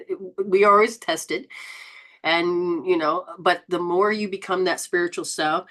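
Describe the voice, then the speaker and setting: A woman with a lowish voice hosts a spiritual coaching stream and answers viewers directly. She talks in an animated, exclamatory way, restarting her sentences as she goes. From Southern Hemisphere. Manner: animated, exclaims and laughs often. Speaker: host. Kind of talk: live-stream chat reading viewer comments.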